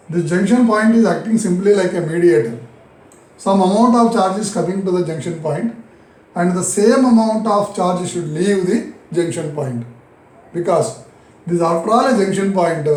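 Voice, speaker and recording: A man with an Indian English accent teaching a physics lesson, repeating key phrases slowly and answering his own questions. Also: sits high, darkish tone, echoey room, low-quality recording. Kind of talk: recorded classroom lesson.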